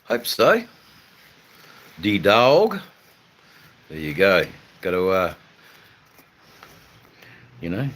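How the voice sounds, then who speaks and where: Laid-back deep-voiced Australian man. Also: huge pitch swings, a bit bright, slight background noise. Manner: laid-back, rambling, drawn-out fillers, swears casually. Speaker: livestream host chatting with viewers. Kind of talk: casual live chat.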